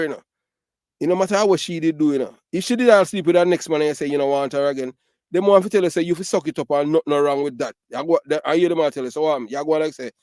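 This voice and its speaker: A middle-aged Jamaican man with a Jamaican Patois accent and a fairly high, slightly mellow voice rants casually. His commentary is emphatic, repetitive and packed with fillers, captured in clean studio sound with no room sound.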